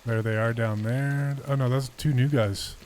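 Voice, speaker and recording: A man's voice: mid-range voice, steady tone, moderate pace, a little mellow, slight background noise. Man muttering through game commentary. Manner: muttering running commentary to himself. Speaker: game streamer. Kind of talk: live gameplay commentary.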